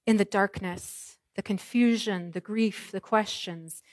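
A woman pastor preaching an Easter sermon, moving from hushed, soft lines to ringing proclamations. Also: mid-range voice, a little slow, dry recording, clean studio sound.

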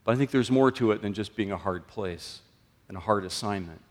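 A man preaching a sermon in a conversational way, his voice often rising and then dropping low and soft. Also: brisk. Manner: conversational, with sudden lifts and drops in pitch and loudness. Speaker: pastor. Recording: long reverb of a large room.

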